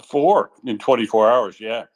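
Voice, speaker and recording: A man's voice: medium pitch, a little slow, rough recording. A man co-hosting an online audio chat, wry and rambling, trailing off mid-thought. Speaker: co-host and analyst. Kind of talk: casual chat.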